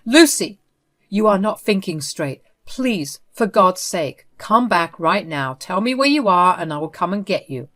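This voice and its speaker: A woman's voice: on the low side, lively intonation, measured pace, a bit bright. A woman voicing a worried man who pleads urgently with his wife. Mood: pleading.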